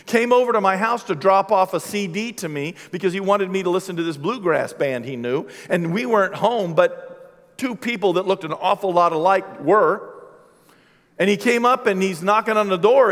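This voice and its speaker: A middle-aged male pastor preaching a sermon with animated, humorous storytelling. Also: high-pitched. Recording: long hall reverb.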